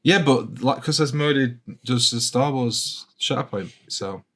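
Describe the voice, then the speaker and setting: A man co-hosting a podcast in casual chat, jokey and enthusiastic, often repeating himself as he pitches ideas. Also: a little slow, pushed and bright. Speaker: podcast co-host.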